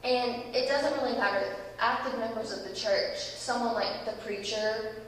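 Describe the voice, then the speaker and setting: A young woman giving a church talk, telling a lively story and acting out its people. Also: on the high side, moderate pace. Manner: lively storytelling, acts out voices. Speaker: youth speaker. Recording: echoey hall, distant mic, faint hiss.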